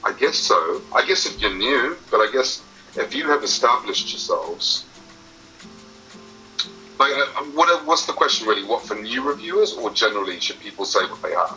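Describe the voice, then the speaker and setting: A man's voice: mid-range voice, sing-song, moderate pace, bright, forceful tone, soft background music, low-quality recording. A man answering audience questions in a casual chat, hesitant and chatty with lots of fillers. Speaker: YouTube movie reviewer answering questions.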